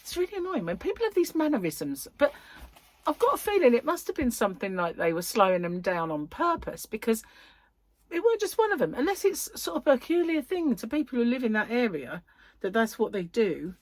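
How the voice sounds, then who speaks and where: A woman's voice: a little high, very animated, a little fast, no echo. A woman hosting a crochet vlog, chatting in a rambling, giggly way. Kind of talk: casual chat.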